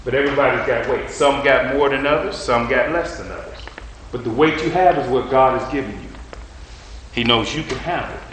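A male preacher giving a sermon while lifting weights, telling a story in an animated way and straining with the effort. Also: mid-range voice, fairly quick, echoey room, slight background noise, rough recording. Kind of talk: sermon with a live weightlifting demonstration.

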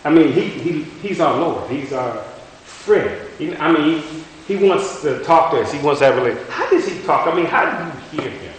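A man preaching a sermon in a folksy, halting way, often restarting and repeating words, and putting rhetorical questions to his listeners. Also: on the high side, animated. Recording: very echoey room with faint hiss.

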